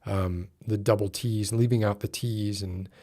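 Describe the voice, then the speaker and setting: A man with a fairly low voice hosts a casual chat. He rambles and hesitates, restarting his sentences as he works through his thoughts. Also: steady tone, a little slow, dark tone. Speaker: podcast host.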